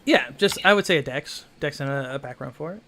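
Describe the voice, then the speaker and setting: A man's voice: mid-range voice, lively intonation, fairly quick, bright, forceful tone. A man narrating a tabletop game as game master in a rambling way, full of fillers and restarts.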